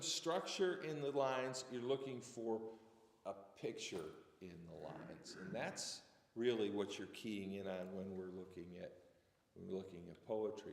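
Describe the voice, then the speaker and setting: A man teaching a church Bible class in a conversational way, reading verses aloud with emphasis. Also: mid-range voice. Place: church auditorium. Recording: echoey church hall on a live stream.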